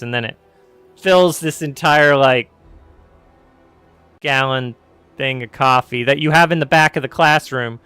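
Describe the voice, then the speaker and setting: A man's voice: medium pitch, pushed and bright, clean tone, dry recording. A man telling a long story in casual chat while gaming, rambling with asides and self-corrections. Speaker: streamer and host.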